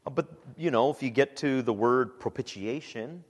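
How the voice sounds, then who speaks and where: A man speaking as a pastor, giving a relaxed, conversational church teaching talk with frequent "um"s. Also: medium pitch, normal speed, big-room sound. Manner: relaxed and conversational, with frequent "um"s and animated quoted asides.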